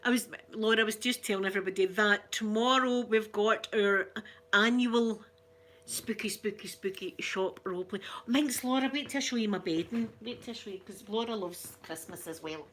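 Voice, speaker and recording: A woman's voice: medium pitch, normal speed, a bit bright. A woman with a Scottish accent chatting casually with viewers on a live stream, giggling often and reading out comments. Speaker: ASMR channel host.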